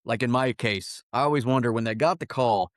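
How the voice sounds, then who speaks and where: A man's voice: medium pitch, a little fast, no room sound, studio quality. An American man hosting a podcast, chatting in an amused, easygoing way. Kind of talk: casual conversation.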